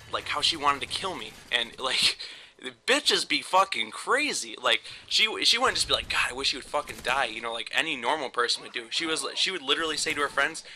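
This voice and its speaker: A man's voice: medium pitch, pushed and bright, a little hiss or hum. A young man casually telling a story over gameplay, rambling and swearing often with frequent laughs. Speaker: gaming commentator.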